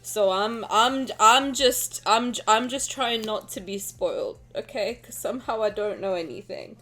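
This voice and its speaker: A woman's voice: fairly high pitch, a little slow, fairly bright tone, soft background music. A woman streamer in casual live-stream chat, talking in a frantic, rambling, self-mocking way.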